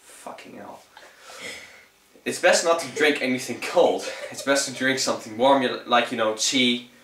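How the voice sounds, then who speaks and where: A young man from the Netherlands, a native Dutch speaker, delivers a loose, swearing-filled, rambling vocal lesson in English with a Dutch accent. His voice is mid-range and fairly bright, at normal speed, captured by a distant mic in an echoey room.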